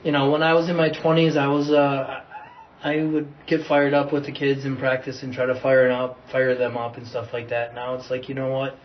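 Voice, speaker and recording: A relaxed man explains things in a calm, measured way. He sounds set back from the microphone. The recording is muffled and carries a light hiss. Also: medium pitch. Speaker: wrestling coach, guest. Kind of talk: casual podcast conversation. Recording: distant, dull, faint noise.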